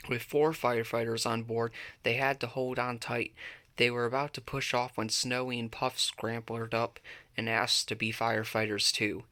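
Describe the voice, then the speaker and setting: A man reading a children's picture book aloud, lifting his voice for the characters' shouts. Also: a little slow. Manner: lively read-aloud, pitching up for characters' shouts. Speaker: storybook reader.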